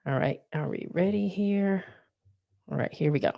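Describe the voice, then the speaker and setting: A low-voiced woman talks through her solo podcast, loose and chatty. She drifts between thoughts and leans on fillers and restarts. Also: normal speed, gravelly, highs cut off. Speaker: podcast host. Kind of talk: casual solo podcast chat.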